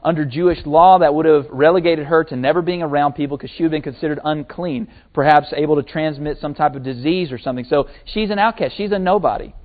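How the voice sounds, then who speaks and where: Male pastor mid-sermon, slightly high voice, lively retelling, thin narrow-band recording. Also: fast, hardly any pauses. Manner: animated storytelling, acting out quotes. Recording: tinny phone-like sermon recording.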